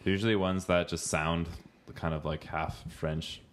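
A man's voice: low voice, little pitch movement, unhurried. A young man, tipsy from wine, joking and swearing his way through a rambling casual chat.

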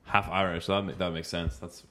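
Deep-voiced tipsy young man. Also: flat delivery, brisk, a bit bright, a little hiss or hum. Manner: profane, joking, rambling. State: tipsy from wine. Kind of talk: casual chat.

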